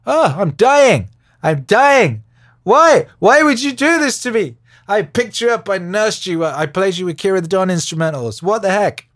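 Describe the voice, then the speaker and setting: A frail old woman cries out in a shrill, high wail, pleading as she dies, put on by a man telling a story. The voice is pushed far above his own and comes out loud and strained. Her dismay is played broadly for laughs. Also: sing-song, moderate pace. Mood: anguished.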